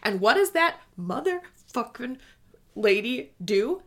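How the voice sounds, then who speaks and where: A woman chatting casually about a book as a co-host, gushing and animated, swearing freely and reading passages aloud. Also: fairly high pitch, takes it slowly. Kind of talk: casual book discussion chat.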